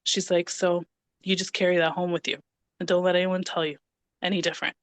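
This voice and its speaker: Woman in her 30s, lively storyteller, plays out the dialogue, dry close sound. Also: lowish voice, brisk, dry recording. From Canada (Ontario). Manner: animated, acts out quoted dialogue. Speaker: podcast guest. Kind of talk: casual storytelling conversation.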